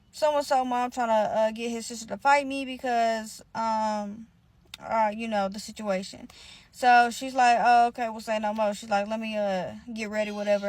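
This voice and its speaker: A young woman with a somewhat high voice tells a story in casual, rapid-fire bursts, swearing freely and slipping into each person's voice for the quotes. The sound is close and dry, with no room around it. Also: dry recording. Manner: animated, profane, acts out quotes.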